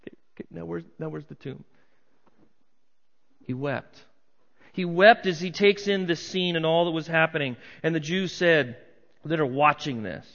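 A man's voice: fairly high pitch, moderate pace, gravelly, pauses often, fairly bright tone. A middle-aged man preaching a sermon in a conversational way, now and then acting out voices from a crowd. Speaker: pastor. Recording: muffled sound with long hall reverb.

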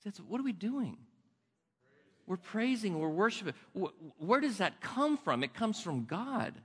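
An older man preaching a sermon as pastor in a church, conversational and full of restarts, dropping soft and slow for emphasis. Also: sits high, big pitch swings, husky, in a large hall. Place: church sanctuary.

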